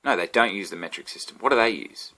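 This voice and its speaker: Brief: Australian guy, low voice, sore-throated, riffing and cursing. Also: lively intonation, fast talker, bright, forceful tone. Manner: meandering, swearing, self-interrupting. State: sick throat. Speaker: comedian. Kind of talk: rambling solo vlog rant.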